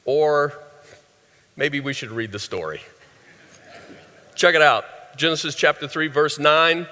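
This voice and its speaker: A man's voice: fairly high pitch, expressive, a little slow, sharp tone. A man preaching a sermon in a conversational way, asking the audience questions and joking. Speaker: pastor. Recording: long hall reverb.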